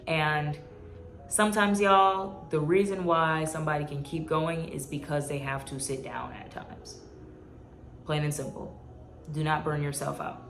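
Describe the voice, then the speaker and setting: A woman's voice: low voice, steady tone, measured pace, gravelly, fairly bright tone, echoey room, slight background noise. A woman in her twenties talking earnestly to her viewers in a casual vlog, rambling and emotional. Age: 20s. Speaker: YouTuber. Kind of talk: heartfelt vlog talk.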